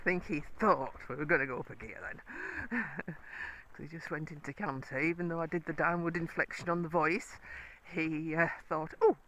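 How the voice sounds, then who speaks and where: A woman's voice: low-pitched, lively intonation, normal speed, fairly bright tone, poor audio. A woman riding her horse on a bridleway, chatting casually and coaxing the horse with praise. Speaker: horse rider and vlogger. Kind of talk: casual talk while riding.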